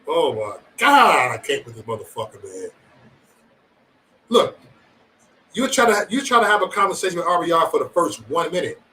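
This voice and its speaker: Lively, bright-voiced man ranting on a livestream. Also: on the high side, fairly quick, pauses often, far from the mic, poor audio. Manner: profane, rambling banter, jokingly threatening. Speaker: livestream host. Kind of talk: casual livestream chat with viewers.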